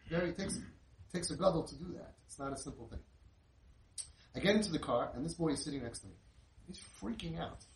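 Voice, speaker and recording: A middle-aged man, telling an inspirational story in an animated way and sprinkling in Yiddish and Hebrew words. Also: on the high side, fast, pauses often. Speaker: inspirational speaker. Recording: roomy, distant mic with faint noise.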